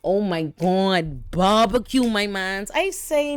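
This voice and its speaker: Animated slangy woman recapping TV. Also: medium pitch, fairly quick, hardly any pauses, no room sound, soft background music. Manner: animated, slangy and profane, with exclamations. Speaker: show recap host. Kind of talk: casual TV episode breakdown.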